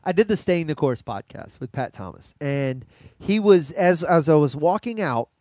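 A man's voice: a little high, expressive, moderate pace, warm tone, no room sound, studio quality. A man co-hosting a podcast, tipsy, telling a story in a casual chat and acting out both sides of the conversation. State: drunk and high. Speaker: podcast co-host.

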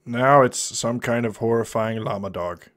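A man in his thirties, speaking at a medium pitch and moderate pace, gives goofy, joking commentary on a live stream as he plays a drawing game. He breaks into sudden, loud, silly outbursts.

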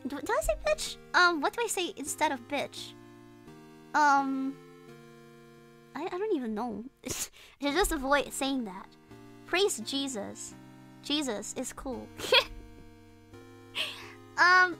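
Young adult woman, game streamer: high, bright, giggly rambling chat with faint music underneath. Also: animated, unhurried, pauses often. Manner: giggly, rambling, lots of ums and restarts. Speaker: streamer playing a horror game. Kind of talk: casual gameplay chat.

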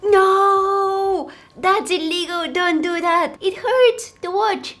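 A woman's voice: very high-pitched, animated, a little slow, a bit bright, faint music behind. A woman hosting a casual reaction video, exclaiming and laughing as she comments on clips.

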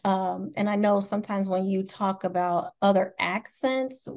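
Midwestern American woman, talk show host; bubbly, giggly, mid-pitched voice. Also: a little slow, a little mellow. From Indianapolis, Indiana, USA. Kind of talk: casual interview chat.

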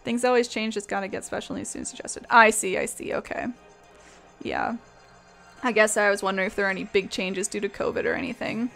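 A woman's voice: medium pitch, steady tone, a little fast, gravelly, a bit bright, soft background music. A young woman from Canada chatting casually with her live-stream audience as she paints, reading messages aloud and laughing often. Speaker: art streamer.

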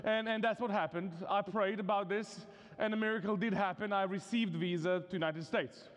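A Serbian man with a Serbian accent, his voice sitting high and steady at a normal pace, guest-preaches a sermon at a university vespers service. His delivery is conversational and funny, packed with casual fillers, and the chapel hall gives it a long, large-room reverb.

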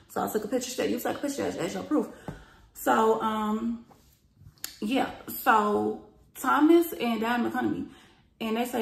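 A young woman tells a storytime to the camera, profane and animated, often acting out the quoted lines at a shout. Her voice sits fairly high and has a gravelly fry to it. The room is bare and echoey. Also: brisk. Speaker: vlogger telling a story. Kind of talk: storytime vlog.

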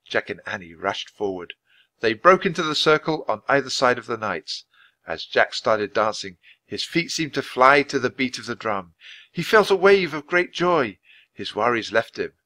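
A man reads a children's storybook aloud with clear, measured delivery meant for English learners. His voice is bright and forceful, and his pitch rises and falls in lively swings. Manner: clear, expressive, measured reading. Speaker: storybook reader. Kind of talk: reading a children's book aloud for ESL learners.

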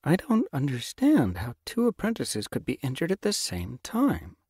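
A man's voice: medium pitch, huge pitch swings, moderate pace, darkish tone, slightly rough, dry recording, clean studio sound, pitched above the performer's own voice. A man voicing a puzzled mentor cat in a storybook reading, asking questions.

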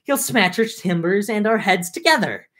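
A woman's voice: medium pitch, animated, normal speed, a bit bright. A woman voicing anxious male sailors pleading with their captain, in an amateur read-aloud. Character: worried male ship's crew, pleading with captain.

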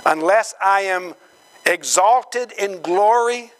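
A man preaching a sermon, slow and emphatic, acting out quoted voices with dramatic swings in pitch. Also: fairly bright tone, low-quality recording. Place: church gathering hall.

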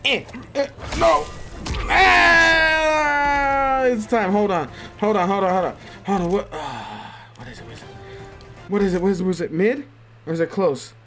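A man doing gameplay commentary for a let's play, excitable, yelping and laughing, swearing freely. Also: high-pitched, normal speed. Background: game music and fight sounds.

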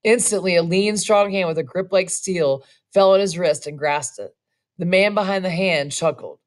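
A woman's voice: lowish voice, normal speed. Woman reading a western story aloud. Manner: casual, laughing asides. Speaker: reader and narrator.

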